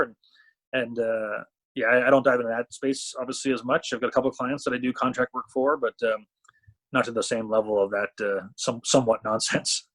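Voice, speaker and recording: Canadian-raised guy rattling off stories quick, husky voice, acts out all the quotes. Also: medium pitch. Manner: animated storyteller, acts out quotes. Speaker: talent management CEO, podcast guest. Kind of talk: casual storytelling chat.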